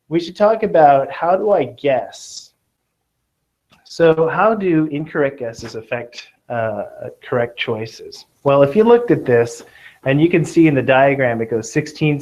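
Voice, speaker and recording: A man's voice: fairly high pitch, darkish tone. A man teaching a test-prep class, joking and checking in with his students, with a Southern Californian accent. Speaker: tutor. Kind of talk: classroom lecture. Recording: dull lo-fi classroom recording.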